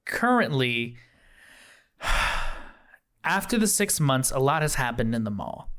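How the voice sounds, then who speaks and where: A man's voice: mid-range voice, sing-song, slow, pushed and bright, pitched below the performer's own voice, full character voice. A man voicing a frazzled young male ex-plant-shop worker in a tabletop role-play, rambling and flustered, talking in bursts.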